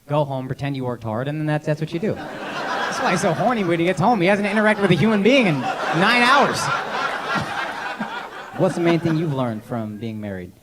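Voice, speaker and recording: A man's voice: fairly high pitch, very animated, moderate pace, heavy background noise. A man in his thirties doing crowd work on a comedy club stage, brash and profane, teasing audience members through a handheld mic. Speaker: stand-up comedian. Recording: live club set with loud crowd laughter. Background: audience laughter and clapping.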